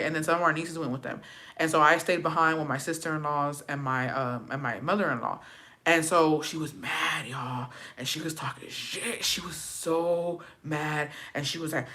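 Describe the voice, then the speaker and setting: A woman's voice: low voice, normal speed. A young woman vlogger telling a family story in casual chat, cursing freely and slipping into Spanish phrases. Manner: profane, animated, switches into Spanish.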